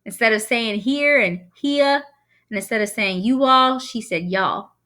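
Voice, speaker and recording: A woman reading a novel aloud in a lively, wry first-person voice. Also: fairly high pitch, normal speed. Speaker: reader.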